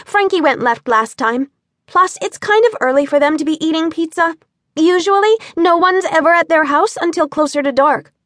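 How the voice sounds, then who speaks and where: A woman voicing a bold know-it-all eight-year-old girl in an audiobook, loud and quick to answer. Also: very high voice, lively intonation, no room sound, studio quality, pitched above the performer's own voice. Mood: bossy.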